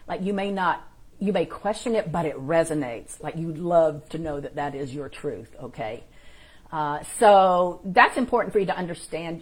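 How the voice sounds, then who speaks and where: A woman's voice: deep voice, moderate pace. A woman hosting a live-streamed spiritual teaching, talking informally and encouragingly, and greeting viewers in the chat by name.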